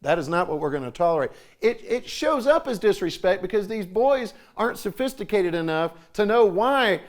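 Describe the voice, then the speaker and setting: Forties male conference speaker, folksy and animated with quoted voices, a bit high. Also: moderate pace. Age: 40s. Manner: folksy, acts out quoted voices with jumps in pitch. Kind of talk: conference talk.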